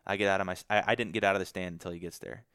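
A man's voice: sits low, fairly even intonation, rapid-fire, a bit bright, clear, resonant tone, no room sound, clean studio sound. Young man telling a hunting story. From Michigan. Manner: emotional, many "like" fillers. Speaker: podcast guest. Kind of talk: casual storytelling.

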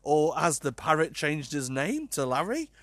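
A man hosting a podcast, reading odd news stories aloud in a casual, incredulous, animated way and swearing freely. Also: a little high, measured pace, no room sound. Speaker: podcast host.

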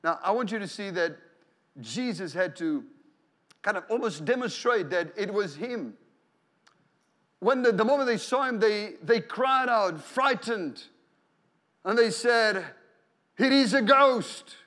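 High-voiced male pastor preaching conversationally. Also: animated, measured pace, pauses often, fairly bright tone. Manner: conversational, repeats words, rises into exclamations. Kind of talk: sermon.

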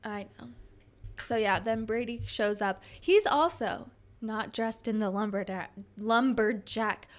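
A woman's voice: medium pitch, a little slow. A young woman co-hosting a podcast, chatting casually and giggling as she recaps a TV episode. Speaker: podcast co-host.

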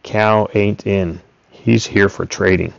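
A man's voice: on the low side, level tone, slow, vocal fry, dry recording. A man voicing a shrewd old grandfather farmer who speaks tersely in dry, understated rural speech. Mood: sly, low. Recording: dull, dry recording.

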